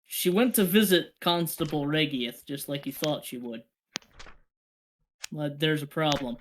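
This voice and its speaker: A woman's voice: deep voice, unhurried, a little hiss or hum, pitched below the performer's own voice. A woman voicing a loyal male pirate spellcaster who gives a plain, businesslike report.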